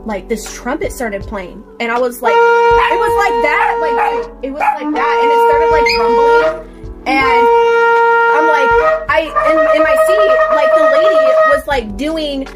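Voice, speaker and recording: A woman telling a story in casual chat, earnest and rambling, filling every pause with "like." Her voice sits a little high, and clear music plays behind her. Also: very animated. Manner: rambling, says "like" constantly; earnest and emphatic. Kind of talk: casual spoken testimony.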